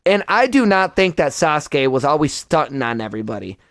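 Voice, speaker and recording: A young man hosts a casual podcast chat, ranting in a heated, profane way. His voice sits a little high for a man, and the sound is close and dry with no room around it. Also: sing-song, a little fast, a bit bright, dry recording. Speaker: podcast host.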